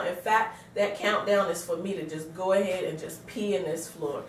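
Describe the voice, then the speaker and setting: A woman's voice: on the low side, normal speed, far from the mic, slight background noise. Pregnant woman telling a story, roomy. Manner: animated storyteller acting out quotes, laughing. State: pregnant, tired. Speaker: vlogger. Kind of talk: casual storytelling vlog. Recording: roomy sound from away from the mic.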